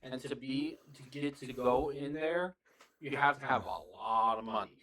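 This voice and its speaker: A man's voice: medium pitch, moderate pace, pushed and bright, low-quality recording. A man in a casual podcast chat, explaining at length with many fillers. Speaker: podcast guest.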